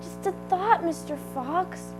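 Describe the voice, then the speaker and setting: A woman voicing a small, clever male piglet who pleads in a high, drawn-out voice in a read-aloud storybook. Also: faint music behind. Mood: sly. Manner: squealing, high, drawn-out pleas.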